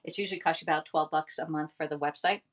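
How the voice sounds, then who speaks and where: A woman chats and sells to her live viewers in an animated, talkative way. Her voice sits a bit low for a woman. She is picked up by a mic set back from her, so she sounds slightly distant. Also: quick pace. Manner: chatty, animated, talks straight to viewers. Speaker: home cooking livestream host. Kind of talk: casual live-stream chat and product pitch.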